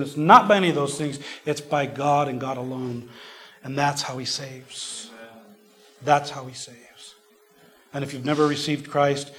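Earnest preacher, hushed to booming. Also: male voice. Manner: earnest, repetitive, drops to a near whisper then swells. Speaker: pastor. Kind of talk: sermon. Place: church service.

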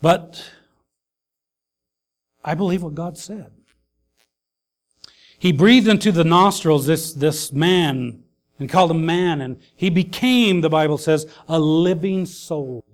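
A man preaching a sermon, earnest and grieving his mother, pausing with fillers and rising to emphatic calls. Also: a little high. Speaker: pastor.

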